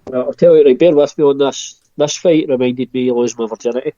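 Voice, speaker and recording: A man's voice: medium pitch, fast, a crowd in the background. A man speaking as a podcast guest, hesitant, with frequent ums and restarts. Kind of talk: casual podcast chat. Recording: dry, dull lo-fi audio.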